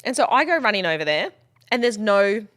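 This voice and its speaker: A woman co-hosts a relaxed podcast and tells work stories in a lively, rapid stream. She swears freely and slips into the voices of the people she quotes. Her pitch sits in the middle range. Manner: animated storyteller, swears freely, acts out quotes. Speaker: podcast co-host and wedding planner. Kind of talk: casual podcast chat.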